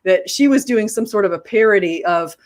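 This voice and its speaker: A woman hosting a casual video chat, telling a story with animated quoted asides and frequent restarts. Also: mid-range voice, fairly quick. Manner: animated storytelling, quoting others. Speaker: host.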